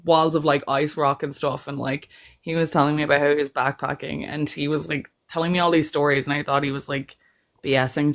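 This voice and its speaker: A young adult woman from Ireland with an Irish accent, chatting as a panel guest and telling stories with frequent laughter. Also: low voice. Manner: chatty storyteller, laughs often. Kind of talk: casual chat on a call.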